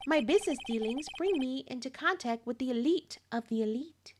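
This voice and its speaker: A man's voice: very high-pitched, animated, brisk, noisy background. A woman reading the lines of an arrogant, condescending male corporate CEO from a video game in her own everyday voice. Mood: haughty. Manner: pompous, condescending.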